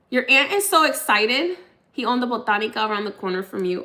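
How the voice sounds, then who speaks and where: A woman working as a psychic medium, giving a live reading in a halting, chatty way with lots of fillers and restarts as she passes on what the spirits say. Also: a little high, big pitch swings, bright, forceful tone.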